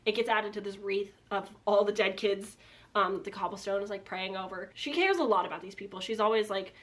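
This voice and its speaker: A young woman who reviews books casually recaps one she dislikes, chatty and sarcastic and leaning heavily on "like." Her mid-range voice runs a little fast, picked up by a built-in camera mic with no external microphone.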